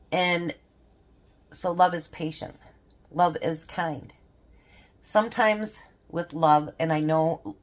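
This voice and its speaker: An older woman, a grandmother and homestead vlogger, chatting casually and rambling about faith and family, laughing often. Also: low-pitched. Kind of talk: casual devotional chat.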